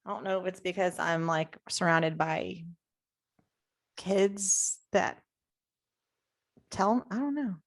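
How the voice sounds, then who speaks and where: A woman's voice: fairly low pitch, no room sound, clean studio sound. A woman co-hosting a podcast, chatty and upbeat in casual conversation. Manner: chatty and upbeat, with quick restarts. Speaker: podcast co-host. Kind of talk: casual chat.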